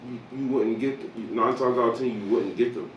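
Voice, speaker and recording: A man speaks in a measured, reflective way during a relaxed podcast chat, padding his thoughts with fillers. His sound is dull and far from the mic, in a reverberant room. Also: medium pitch, slight background noise. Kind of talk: casual chat. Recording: dull distant roomy sound.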